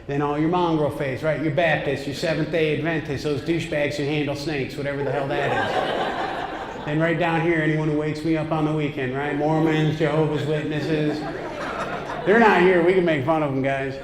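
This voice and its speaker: Man, stand-up comic, brash and punchy, fairly high voice, roomy club with long reverb and background noise. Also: fairly even intonation, normal speed. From upstate New York. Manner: brash, punchy delivery with crowd asides. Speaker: stand-up comedian. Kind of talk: stand-up comedy set. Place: comedy club stage. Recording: echoey club room with noise. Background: audience laughter.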